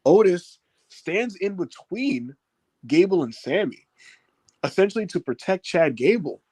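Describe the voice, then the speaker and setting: A man with a slightly higher voice, recorded close and dry, recaps a wrestling show in loose, casual chat. He fills the gaps with "uh" and "like". He bursts into high, shouted impressions whenever he quotes someone. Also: a little slow, slightly rough, dry recording. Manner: animated retelling, acts out quotes in raised shouts.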